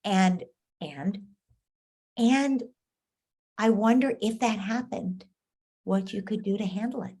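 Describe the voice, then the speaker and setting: A woman's voice: mid-range voice, slow pace, long pauses, breathy edge. Woman coaching a parent, acting out dialogue. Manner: gentle, acts out child and parent lines.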